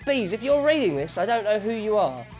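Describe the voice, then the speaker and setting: A man's voice: high-pitched, fast talker. A man presenting a music TV show with jokey asides and a chatty interview manner. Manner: jokey asides, lively reading, chatty fillers.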